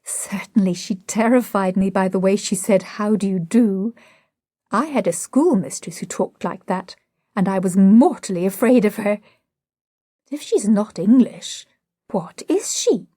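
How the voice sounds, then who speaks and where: A gushing society hostess, read by a woman, effusive and quick to exclaim over the latest gossip. Her voice is husky and breathy, recorded dry and close. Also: mid-range voice, animated, dark tone, no echo. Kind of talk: audiobook drama reading.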